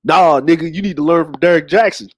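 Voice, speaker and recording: A man with a fairly high voice talks fast, without echo, as he hosts a show. He addresses his audience in slangy, rambling casual commentary.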